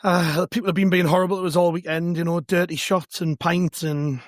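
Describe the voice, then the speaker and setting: Knackered guy, raspy hoarse voice but pitched high, bone dry sound, rambles and jokes at himself. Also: steady tone, a little fast, no room sound. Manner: chatty, self-mocking, loose and rambling. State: hoarse, worn out. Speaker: podcast host. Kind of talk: casual chat.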